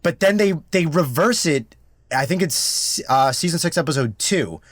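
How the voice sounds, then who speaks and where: A man co-hosting a casual review podcast, talking earnestly with halting restarts. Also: on the high side, expressive, no room sound, clean studio sound. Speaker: podcast co-host.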